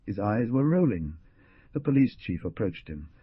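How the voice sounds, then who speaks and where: A man narrating an audiobook novel with expressive storytelling. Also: on the low side, moderate pace, breathy edge, dry recording, muffled recording. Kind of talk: scripted narration.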